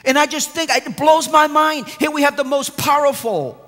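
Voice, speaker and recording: High-voiced pastor preaching in a reverberant church. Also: male voice, moderate pace. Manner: preaching with sweeping swings from hushed to emphatic. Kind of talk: sermon. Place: large church sanctuary.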